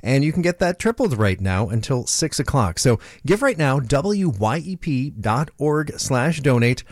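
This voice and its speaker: A man's voice: mid-range voice, very animated, unhurried, no room sound, studio quality. A man co-hosting a live radio pledge drive, explaining a matching gift in a friendly way. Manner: friendly, explanatory, repeats phone number and web address. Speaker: radio co-host. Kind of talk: live radio fundraising appeal. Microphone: studio microphone.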